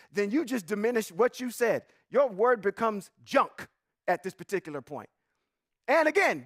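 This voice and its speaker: Guy teaching scripture like a sermon, reads slow then gets fired up, high voice. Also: no room sound, studio quality. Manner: reads scripture slowly, then preaches with rising emphasis; talks to the audience directly, asking questions. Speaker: Bible teacher.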